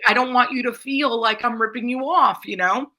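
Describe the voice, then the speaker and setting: A woman's voice: on the high side, normal speed. A middle-aged woman, a comedian, telling brash, profane stories in a casual podcast chat. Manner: brash, profane, animated storyteller.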